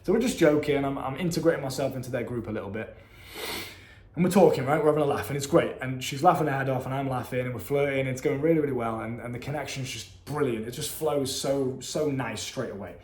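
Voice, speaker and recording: A young man telling a story casually, animated, slangy and profane. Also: medium pitch, quick pace. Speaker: vlogger. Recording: echoey room.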